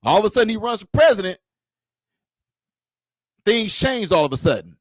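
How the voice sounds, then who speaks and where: Heated, high-voiced man ranting to camera. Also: very animated, moderate pace, no echo, clean studio sound. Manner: confrontational, repetitive, rhetorical questions. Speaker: political commentator. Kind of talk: heated political rant to camera.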